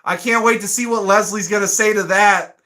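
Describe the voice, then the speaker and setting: A man's voice: high-pitched, steady tone, fairly quick, sharp tone. A man hosting a casual live stream, reading viewer comments aloud and laughing often. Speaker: livestream host reading chat.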